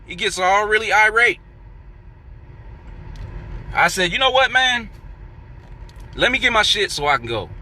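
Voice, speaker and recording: A man's voice: high-pitched, animated, measured pace, long pauses, bright, forceful tone. A man telling a heated workplace story in casual, profane monologue, acting out what he and others said. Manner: profane, heated, acts out quoted coworkers.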